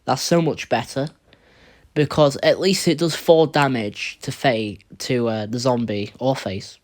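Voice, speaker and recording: A man's voice: mid-range voice, steady tone, measured pace. A man giving casual tier list commentary on a card game, rambling and blunt, often stumbling and restarting his words. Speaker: card game video creator.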